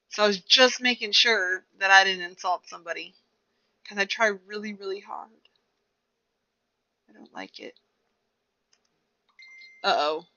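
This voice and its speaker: A young woman streamer talks her way through a game, rambling and chatting to herself and her viewers. Her voice sits a little high and sounds bright and forceful, caught on a dull, lo-fi recording. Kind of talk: casual chat while playing a game.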